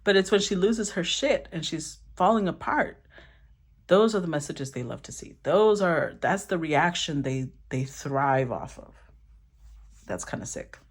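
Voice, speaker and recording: A woman giving a casual tarot reading, talking in an animated, blunt way and swearing casually. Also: low voice, unhurried, breathy edge. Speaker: tarot reader.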